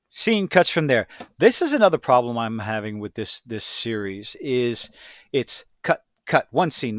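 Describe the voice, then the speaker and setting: Male reviewer, blunt and rambling, mid-pitch, dry close sound. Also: no echo. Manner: blunt, rambling, self-deprecating. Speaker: show reviewer. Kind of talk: casual review commentary.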